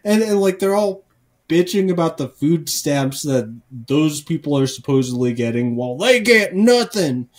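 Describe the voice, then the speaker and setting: A man's voice: on the high side, sing-song, normal speed. A man on a casual comedy podcast, ranting profanely and rambling with lots of false starts. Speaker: podcast co-host.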